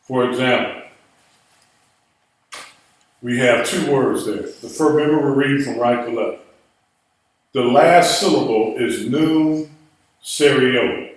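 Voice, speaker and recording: A man's voice: mid-range voice, slow, long pauses. A man teaching a language class, explaining patiently and putting questions to the students. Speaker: Hebrew teacher. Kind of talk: classroom lecture. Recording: echoey room, mic far off, live stream.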